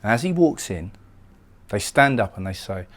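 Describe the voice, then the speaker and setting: A man's voice: lowish voice, big pitch swings, moderate pace. A man giving a recorded poetry lecture, explaining lines of a poem and often repeating words as he goes. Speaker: literature lecturer.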